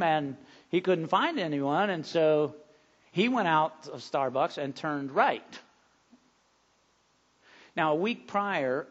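A man preaching a sermon, telling a story and then praying, earnest and given to repeating words, going from hushed to loud. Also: a little high, highs cut off. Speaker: pastor.

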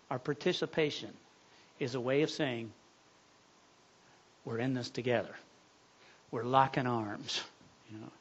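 Earnest guy preaching a sermon, kinda high voice, goes hushed at key bits, dull recording. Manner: earnest, drops to a hush at key points. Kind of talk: sermon storytelling. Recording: muffled lo-fi sound.

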